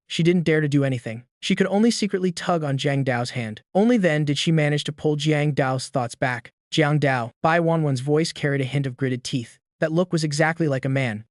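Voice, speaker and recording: Male storyteller, slightly high voice, steady scripted read, close dry mic. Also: no room sound. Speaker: narrator.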